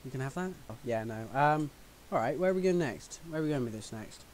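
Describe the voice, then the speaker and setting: A man's voice: medium pitch, expressive, fast talker, a little mellow. A man co-hosting a casual podcast chat, full of teasing jokes and banter. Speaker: podcast co-host.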